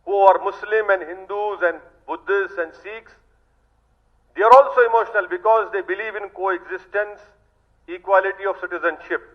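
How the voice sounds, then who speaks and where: A man's voice: high-pitched, dull audio. A man with an Indian accent, a politician giving an emphatic statement to the press with repeated rhetorical appeals.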